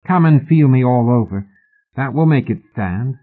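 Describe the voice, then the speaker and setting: A man's voice: medium pitch, expressive, moderate pace, voice pushed up, lightly acted. A male reader voicing a tired, tipsy young woman who coaxes and wheedles, in an audiobook. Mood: coaxing. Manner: wheedling, coaxing. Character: drowsy coaxing young woman of the night. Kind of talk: audiobook character voice. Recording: husky voice on a tinny phone-like line.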